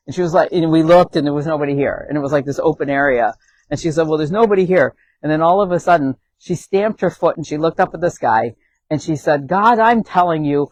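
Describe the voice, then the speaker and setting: A man with a slightly raised voice tells a long story on an outdoor tour of a hilltop, full of ums and little laughs. His rambling, casual delivery sounds close and dry, with no echo around it. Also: a little high. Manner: rambling with many fillers and chuckles. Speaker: animal sanctuary founder.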